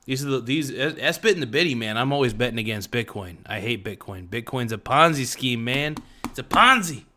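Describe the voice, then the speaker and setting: A man's voice: medium pitch, fairly quick, pushed and bright. A man hosting a casual livestream, chatting loosely to viewers in the chat with a slightly sore voice. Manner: laid-back, chatty, talks to viewers in chat, frequent "man" and "dude". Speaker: livestream host.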